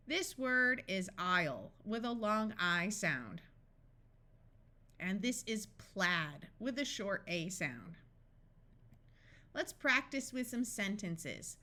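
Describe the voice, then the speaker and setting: A woman teaching a phonics lesson, slowly sounding out letters and words one at a time with careful, deliberate delivery. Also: mid-range voice, pushed and bright. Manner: slow and deliberate, stretching out each sound. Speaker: phonics tutor.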